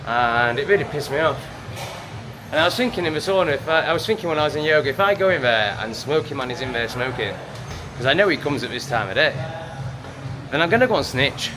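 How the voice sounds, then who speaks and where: A man with an English accent vlogging casually to a handheld camera, swearing and ranting, swinging between loud bursts and low mutters. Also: expressive, fast talker, over music. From England. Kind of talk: casual vlog monologue. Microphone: handheld camera on a gimbal.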